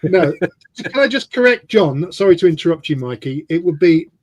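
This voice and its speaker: A man with a fairly high, lively voice, cutting in on a stream call with teasing one-liners and playful corrections. He sounds close and dry. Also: moderate pace, no echo. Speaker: co-host of a modelling live stream. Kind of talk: joking live-stream chat.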